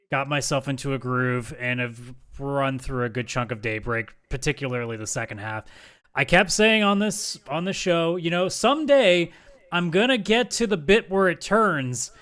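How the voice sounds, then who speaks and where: A man's voice: fairly high pitch, a bit bright, clear, resonant tone. A man co-hosting a podcast in casual chat, candid and casually swearing. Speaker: podcast co-host.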